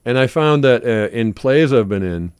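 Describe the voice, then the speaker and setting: A man with a Boston accent, a stage actor telling stories as a talk-show guest, animated and full of restarts. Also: medium pitch, moderate pace, clear, resonant tone, no room sound, studio quality. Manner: animated storyteller with many restarts. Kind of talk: casual talk-show chat.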